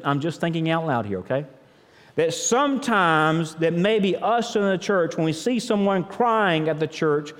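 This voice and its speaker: A man preaching a sermon as pastor, chatty and thinking out loud, often repeating words as he goes. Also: fairly high pitch. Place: church sanctuary. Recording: long reverb of a large church.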